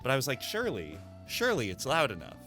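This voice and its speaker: A man's voice: mid-range voice, fast talker, soft background music. A man chatting casually on a live stream from his home desk, rambling, swearing and poking fun at himself, into a desk mic. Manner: animated, rambling, swears, self-deprecating. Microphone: desk microphone through a mixer.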